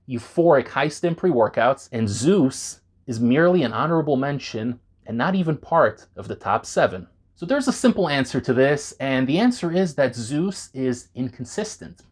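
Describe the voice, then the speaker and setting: A man talking straight to camera in an animated, conversational way, reviewing pre-workout supplements for his viewers. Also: mid-range voice. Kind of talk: enthusiastic product review vlog.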